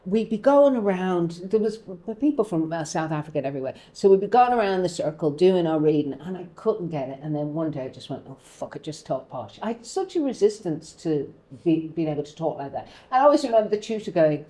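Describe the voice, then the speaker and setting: A woman's voice: fairly low pitch, lively intonation, fast, few pauses, dark tone. Candid, swearing woman telling stories. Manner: candid, swearing storyteller who acts out quotes. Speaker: co-host. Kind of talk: casual chat.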